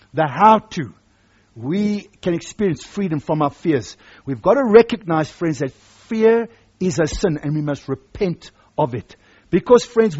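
A man's voice: fairly high pitch, a little mellow, husky, lo-fi sound. A man preaching a sermon, emphatic and repeating his key phrases for weight.

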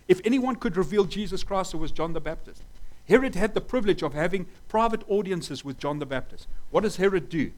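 A man's voice: fairly high pitch, poor audio. A man preaching a sermon fervently, asking rhetorical questions and stressing his points.

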